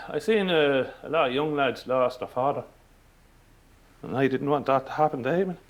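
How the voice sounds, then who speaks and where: A man's voice: medium pitch, expressive, normal speed. An Irish man, a farmer, speaking plainly and earnestly in an interview. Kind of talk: documentary interview.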